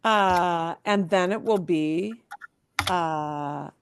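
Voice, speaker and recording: A woman's voice: lowish voice, very slow, background noise. A woman teaching a language class, explaining patiently with examples and frequent check-ins. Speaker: Spanish teacher. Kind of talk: class lesson.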